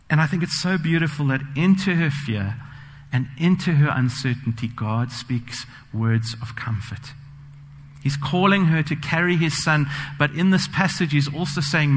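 A man's voice: fairly high pitch, normal speed. Earnest man preaching in a reverberant church. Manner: earnest, personal storytelling with frequent fillers. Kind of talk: sermon. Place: church sanctuary.

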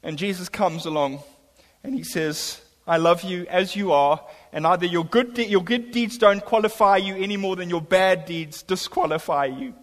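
A man's voice: sits high, moderate pace. A middle-aged man preaching a sermon as pastor, his voice swelling on key lines. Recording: long hall reverb.

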